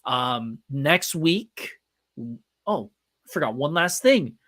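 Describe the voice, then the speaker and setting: A man's voice: fairly high pitch, expressive, slow, a bit bright, no echo. A man in his thirties hosting a live podcast, telling a personal story earnestly and acting out the conversations. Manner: earnest, retells with quoted dialogue. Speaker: podcast host. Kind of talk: live-streamed storytelling monologue. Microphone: desk microphone, live stream.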